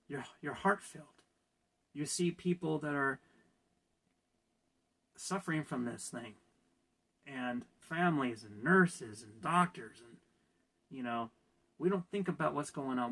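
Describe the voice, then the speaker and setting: A man's voice: mid-range voice, creaky, a bit bright, husky. A man from California ranting in a casual opinion vlog, sarcastic and laughing at his own jokes. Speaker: vlogger.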